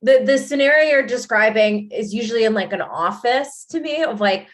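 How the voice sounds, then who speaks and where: A young woman co-hosting a casual podcast chat, joking and teasing her guest in quick bursts. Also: a little high, lively intonation. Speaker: co-host.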